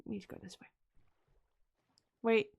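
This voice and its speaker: At a moderate pace and with a darkish tone, a woman talks to herself playfully while streaming a game live. She chats along, repeats words a lot, and drops into whispered asides.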